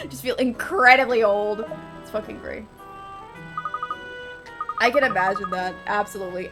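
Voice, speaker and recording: Streaming a game as a VTuber, a woman in her twenties chats casually and swears a lot between frequent laughs. She has a mid-range, slightly bright voice.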